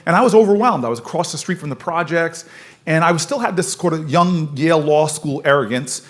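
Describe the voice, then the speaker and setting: A man in his forties from the United States giving an energetic storytelling speech at a forum, laughing often as he moves around the room. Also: fairly high pitch, fairly quick. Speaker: political speaker at a forum.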